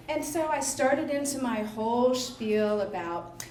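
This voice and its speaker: A woman's voice: on the high side, expressive, measured pace, darkish tone. A woman telling a personal story on stage at a small restaurant venue, poking fun at herself and laughing often as she goes. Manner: self-deprecating, laughs often while telling. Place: beach shack restaurant venue, indoors. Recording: roomy live venue.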